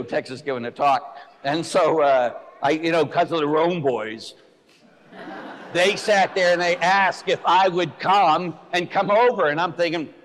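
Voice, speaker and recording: A man, a Catholic priest, giving a blunt, animated, joking sermon to his listeners. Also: fairly high pitch. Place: church. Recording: echoey church hall.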